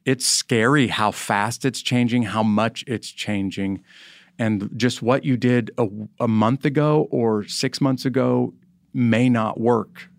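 A man's voice: medium pitch, fairly even intonation, takes it slowly, no room sound, studio quality. A middle-aged man, a former Army chaplain, telling his story as an interview guest in an earnest, modest, self-deprecating way.

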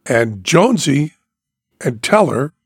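Gravelly husky-voiced male podcast host. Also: medium pitch, slow pace, no echo, studio quality. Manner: animated, profane, acts out quoted voices. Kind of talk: casual storytelling.

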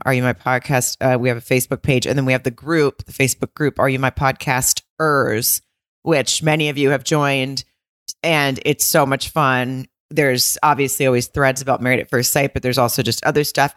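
A woman's voice: a bass voice, a bit bright, dry recording, clean studio sound. A woman co-hosting a podcast in casual, chatty talk, joking and swearing now and then. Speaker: podcast co-host. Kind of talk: casual chat.

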